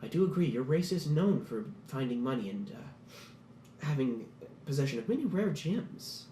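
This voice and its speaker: A man voicing a formal, imposing male city ruler who speaks in a measured, courteous way, in an echoey room. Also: medium pitch, very animated, mellow, a little hiss or hum, lightly acted.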